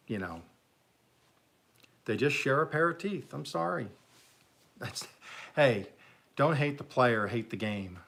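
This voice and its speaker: A man's voice: mid-range voice, fairly bright tone. A man hosting a live stream, casually telling jokes as a rambling, chuckling storyteller. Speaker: livestream host.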